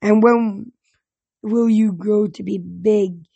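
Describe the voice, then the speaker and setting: Brief: stern sea-dog monster instructor, lecturing a class , read by a husky-voiced narrator, dry close sound. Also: mid-range voice, fairly even intonation, takes it slowly, mellow, no echo, highs cut off, heavily acted.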